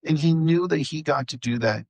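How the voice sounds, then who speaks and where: A calm, plainspoken tree planter, as a storyteller puts him on, answering matter-of-factly in a slightly husky voice. The sound is dry and close. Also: male voice, on the high side, moderate pace, no echo, pitched above the performer's own voice. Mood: explaining. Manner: matter-of-fact storytelling replies.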